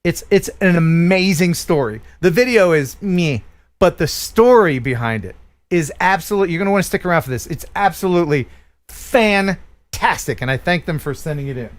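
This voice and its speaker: A man from the USA hosts a casual live stream, chatting and joking as he goes. His voice sits fairly high. He often restarts his sentences mid-thought. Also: animated, moderate pace. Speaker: live stream show host.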